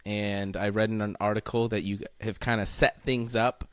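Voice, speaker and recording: A man's voice: fairly low pitch, flat delivery, moderate pace, fairly bright tone, clear, resonant tone, no room sound, studio quality. A man hosting a podcast, asking questions in a chatty, encouraging way. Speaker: podcast host. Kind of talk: interview questions.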